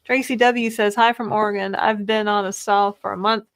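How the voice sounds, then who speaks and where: A woman's voice: mid-range voice, steady tone, moderate pace, clean tone. Chatty woman in her fifties, live chat. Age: 50s. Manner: chatty, laughs often, reads comments aloud. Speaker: co-host of a livestream. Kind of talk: casual live chat reading viewer comments.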